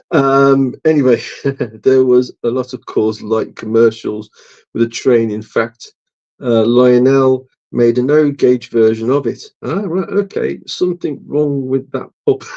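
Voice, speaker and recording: Slow-talking man on a livestream. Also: mid-range voice, vocal fry, lo-fi sound. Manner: rambling, with many ums and soft laughs. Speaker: livestream host. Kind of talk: casual livestream chat reading viewer comments.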